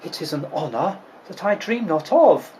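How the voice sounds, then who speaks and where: A man voicing a demure young girl who speaks quietly and dutifully. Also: a little high, very animated, normal speed, voice pushed down, low-quality recording.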